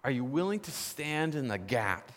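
Brief: male pastor, animated sermon delivery, higher voice, long hall reverb. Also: moderate pace. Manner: lively storytelling, asks the congregation questions.

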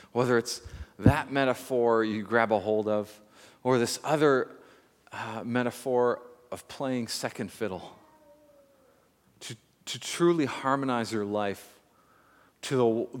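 A man preaching a sermon as pastor, reflective and measured, telling a story with pauses. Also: lowish voice, big-room sound.

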